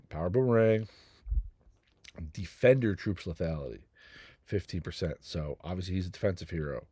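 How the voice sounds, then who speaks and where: Low-voiced middle-aged male game-guide host, rambling and self-mocking, dry close recording. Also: a little mellow, dry recording. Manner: rambling, jokey, self-deprecating. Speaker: gaming channel host. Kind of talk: casual game guide commentary.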